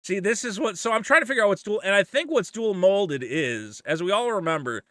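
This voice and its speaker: A man's voice: high-pitched, lively intonation, fairly quick, sharp tone, no room sound, studio quality. A man giving casual, profane, rambling commentary as a vlogger.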